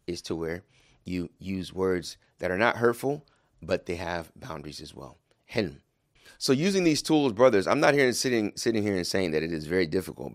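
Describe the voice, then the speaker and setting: A man giving a religious talk to husbands, speaking calmly and measuredly, acting out quotes with energy and reciting Arabic quickly. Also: deep voice, dry recording, studio quality. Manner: calm, measured, with lively acted-out quotes. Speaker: Muslim speaker advising husbands. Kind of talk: religious talk to a male audience.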